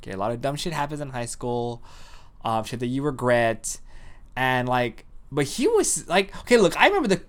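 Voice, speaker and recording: A man's voice: medium pitch, normal speed, clear, resonant tone. A man in his thirties co-hosting a casual podcast, telling stories with lots of swearing and acted-out quotes. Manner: animated storytelling, acts out quotes, swears a lot. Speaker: podcast co-host. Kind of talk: casual profane chat.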